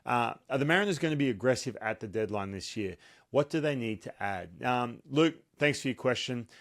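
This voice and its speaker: A man hosting a casual sports talk show, lively and joking. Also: medium pitch. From Australia. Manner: lively, joking, quick banter.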